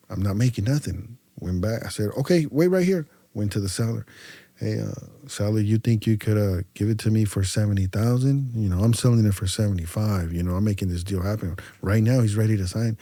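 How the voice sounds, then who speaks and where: A man from California's Central Valley, a podcast guest telling stories in a casual way, acting out both sides of his conversations with lively voices and often stumbling over and repeating his words. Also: lowish voice, brisk, dry recording. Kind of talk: casual storytelling.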